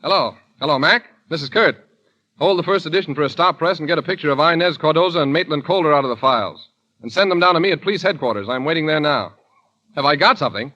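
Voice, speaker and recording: A man's voice: fairly high pitch, animated, pushed and bright. An actor playing a brash, cocky male newspaper reporter in a 1940s radio drama, full of wisecracks. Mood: urgent. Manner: wisecracking, cocky, rapid patter. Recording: dull old radio broadcast with music.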